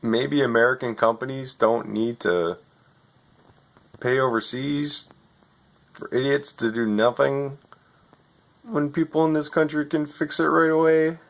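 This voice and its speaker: A man telling a rant about customer service, exasperated and profane, swinging between loud outbursts and muttering. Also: mid-range voice, flat delivery, measured pace, creaky, pauses often. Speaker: vlogger. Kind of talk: ranting storytelling.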